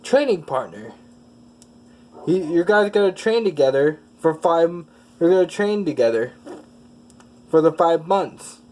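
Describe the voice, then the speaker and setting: Stern old woman martial arts master, curt, scolding, somewhat high voice, a man putting her on. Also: very animated, unhurried, long pauses, darkish tone, slight background noise.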